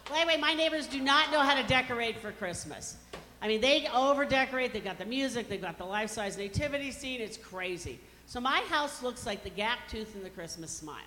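Her delivery is brisk and sharp, slightly high, with lively intonation. On stage in a reverberant hall with a little background noise, the Colorado woman in her fifties works through a stand-up routine of brash, self-deprecating punchlines.

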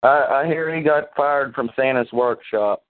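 A man's voice: medium pitch, a little slow. A man making crude jokes in a phone chat. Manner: joking, crude. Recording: phone-line audio.

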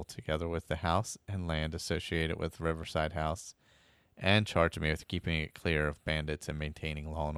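A man tells a first-person adventure tale for a podcast, slipping in dry, wry asides. His voice is very deep and smooth. The recording is close and dry. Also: dry recording. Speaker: podcast storyteller. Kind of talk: first-person storytelling narration.

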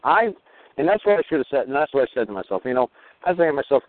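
A man's voice: mid-range voice, big pitch swings, very fast, no echo. A man hosting a call-in show, talking in a rambling, emphatic and blunt way. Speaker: radio show host. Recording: dry tinny phone-line sound.

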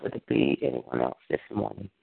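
A man's voice: on the low side, sing-song, a little fast, vocal fry, breathy edge, no room sound. A man leading a prayer line, exhorting with a fervent, repetitive preaching cadence over a phone call.

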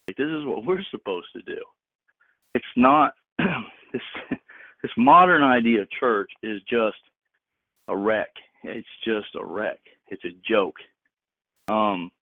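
Slangy low-voiced man preaching over a phone. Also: a little slow, long pauses, dry recording. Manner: emphatic, slangy, repeats for stress. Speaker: preacher on a group call. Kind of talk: informal preaching. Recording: tinny dry phone line.

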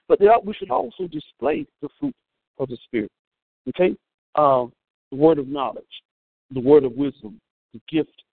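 Lively, high-pitched male preacher on a thin line. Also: vocal fry, no room sound. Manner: animated, humorous preaching with call-outs to the congregation. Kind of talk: sermon. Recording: thin phone-like sound, dry.

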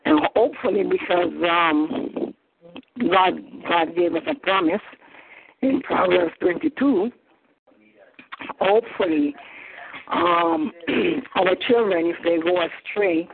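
A woman with a Jamaican accent teaching a Bible study, who often clears her throat and restarts her sentences. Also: on the low side, big pitch swings, slow pace. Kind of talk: teaching sermon, storytelling. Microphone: phone call. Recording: tinny phone line.

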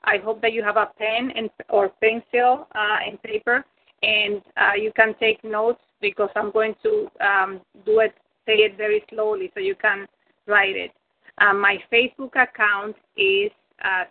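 A woman guest on a call-in talk show, speaking slowly and deliberately and spelling things out letter by letter over a tinny phone line. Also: medium pitch, slight background noise.

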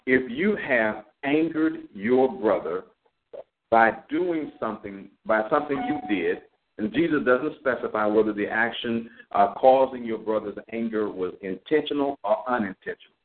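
A man preaching a Bible lesson on a community call, reading scripture slowly and deliberately. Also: lowish voice. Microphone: call audio. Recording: narrow phone-line sound.

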